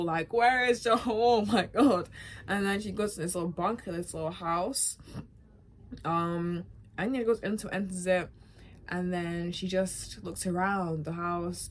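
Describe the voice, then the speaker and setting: A woman vlogger chatting casually as she recaps a video game story, animated and emotional, often laughing and calling her viewers guys and bro. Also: fairly low pitch, a little hiss or hum.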